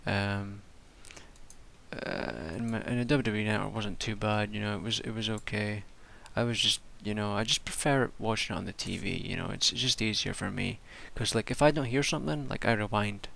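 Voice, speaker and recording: Tired guy rambling about wrestling, super gravelly and a bit low, swears a lot. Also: fairly even intonation, normal speed, sharp tone. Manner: rambling, swearing, with many restarts. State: tired from staying up all night. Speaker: wrestling show reviewer. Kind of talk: casual spoken review.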